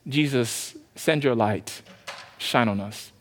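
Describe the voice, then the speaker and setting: A male pastor preaching a sermon with passion, then leading a soft, slow prayer. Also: medium pitch, big-room sound.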